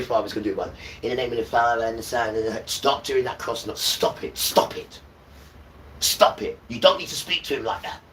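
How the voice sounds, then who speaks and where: Male streamer, preachy ranting monologue, bright tone, distant mic with light ambient noise. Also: medium pitch. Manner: preachy, repeats "right?" to viewers. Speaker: livestreamer.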